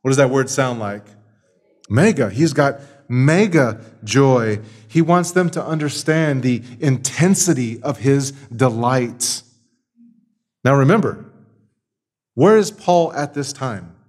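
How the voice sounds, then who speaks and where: A man's voice: mid-range voice, expressive, takes it slowly, a little mellow. A man preaching a Sunday morning sermon, teaching through a Bible passage with emphatic repetition. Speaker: pastor.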